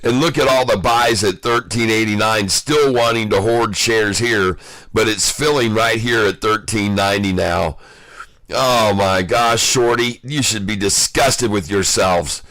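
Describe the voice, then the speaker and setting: A man giving live day-trading commentary, excitable and taunting, calling out prices and addressing viewers as folks. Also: lowish voice, unhurried, no room sound. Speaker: stock day-trader streaming live.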